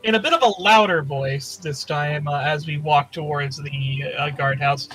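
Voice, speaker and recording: Bright, forceful man playing a tabletop game. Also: on the high side, a little slow, faint music behind, rough recording. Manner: chatty, describing his character's actions. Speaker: player. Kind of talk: casual tabletop game chat.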